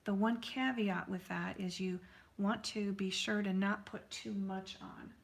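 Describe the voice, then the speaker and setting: A woman's voice: mid-range voice, fairly even intonation, unhurried, vocal fry. A woman artist hosting a live painting stream, chatting casually and answering viewers' comments with lots of fillers.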